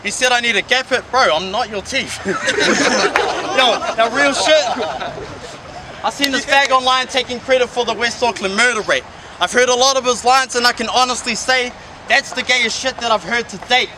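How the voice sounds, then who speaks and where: Brash high-voiced New battle rapper. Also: male voice, moderate pace, crowd noise, background noise. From New Zealand. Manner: aggressive, mocking, profane. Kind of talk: rap battle verse. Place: outdoors by a skate park.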